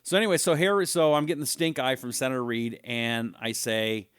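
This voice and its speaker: A man's voice: mid-range voice, fairly even intonation, brisk, fairly bright tone, clean tone, no echo, clean studio sound. A middle-aged man hosting a live talk show, telling anecdotes in a chatty way and reading viewer comments aloud. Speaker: radio talk show host.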